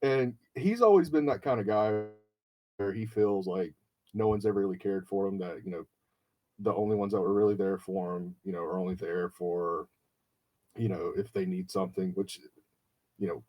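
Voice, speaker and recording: A man on a podcast tells a long story in casual, profane chat. His voice sits a little low, and he switches into his friends' voices when he quotes them. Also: normal speed, dark tone. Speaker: podcast host.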